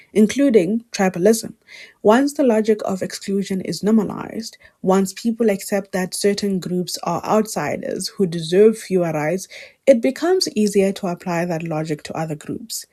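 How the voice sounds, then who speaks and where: A woman's voice: on the low side, mellow. A South African woman vlogger giving earnest, argumentative social commentary with pointed rhetorical questions.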